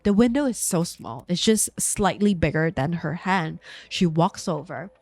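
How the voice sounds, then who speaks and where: A woman casually retelling a thriller novel, slow and dramatic, with casual fillers. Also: fairly low pitch, expressive, a little mellow, breathy edge, no echo. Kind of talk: casual storytelling recap of a novel.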